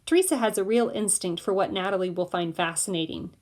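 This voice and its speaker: A woman reading a novel aloud in steady first-person narration. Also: mid-range voice, fast. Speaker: audiobook reader.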